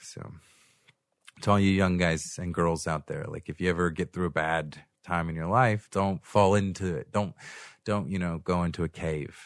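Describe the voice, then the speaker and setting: Rambling, jokey low-voiced man. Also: steady tone, moderate pace, no echo. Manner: rambling, joking, laughs often. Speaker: podcast host. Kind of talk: casual podcast chat. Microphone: studio microphone.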